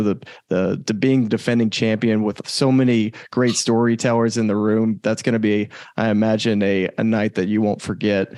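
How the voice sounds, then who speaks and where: A man in his thirties hosting a podcast, asking questions in a relaxed, chatty way and chuckling between them. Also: lowish voice, no echo, clean studio sound. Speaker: podcast host. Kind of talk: casual interview chat.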